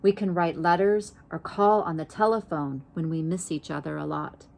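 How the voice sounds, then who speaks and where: A woman reading a children's picture book aloud in a gentle, unhurried way, pausing to ask her listeners questions. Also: lowish voice, creaky. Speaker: storybook reader.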